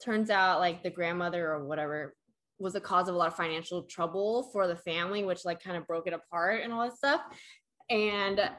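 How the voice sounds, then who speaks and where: A woman's voice: fairly low pitch, a little fast, a bit bright. Young woman, rambling storyteller, lots of fillers, casual. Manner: rambling, filler-heavy storytelling with acted quotes. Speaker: storyteller in a chat. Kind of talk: casual chat.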